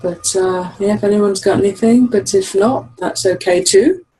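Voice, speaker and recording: A woman's voice: mid-range voice, normal speed, mellow, breathy edge, low-quality recording. A woman chatting casually on an online call, rambling and laughing easily as she talks. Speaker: regular sharer on a call-in show.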